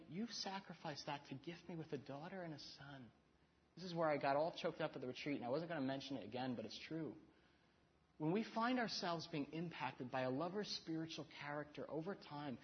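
A man in his thirties speaks earnestly about marriage, poking fun at himself and restarting his sentences. His voice sits a little high, and the recording is dull and lo-fi. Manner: earnest, self-deprecating, with many restarts. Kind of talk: heartfelt talk on marriage.

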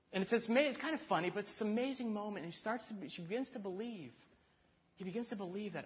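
A man in his thirties speaks earnestly about marriage, poking fun at himself and restarting his sentences. His voice sits a little high, and the recording is dull and lo-fi. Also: fast. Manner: earnest, self-deprecating, with many restarts. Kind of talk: heartfelt talk on marriage.

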